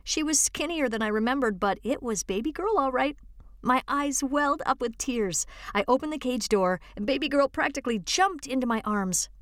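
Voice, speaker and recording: A woman's voice: high-pitched, lively intonation, normal speed, fairly bright tone, no echo. Woman reading a story aloud, dry close mic. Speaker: volunteer reader. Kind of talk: read-aloud story narration.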